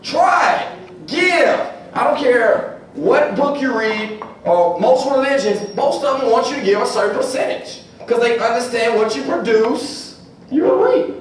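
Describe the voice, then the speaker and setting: A man with a high, swooping voice delivers a preachy motivational talk and drives the room through chants. He is recorded from far off in a big echoing gym, with a faint hum behind him. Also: moderate pace. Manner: preachy, animated, leads call-and-response chants. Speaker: motivational seminar speaker. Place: large indoor gym.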